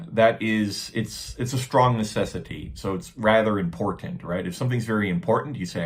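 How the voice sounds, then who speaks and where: A man's voice: on the low side, fairly quick, few pauses. A man with an American accent teaching English grammar, patiently explaining and acting out example sentences. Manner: patient, repeats points, acts out example sentences.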